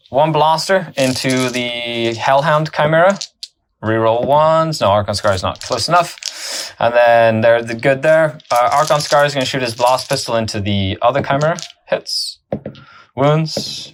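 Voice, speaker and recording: A man with a medium-pitched, fairly bright voice hosts and plays a tabletop battle, heard over slight background noise. He's chatty, thinking aloud and laughing often as he walks through the moves in casual commentary.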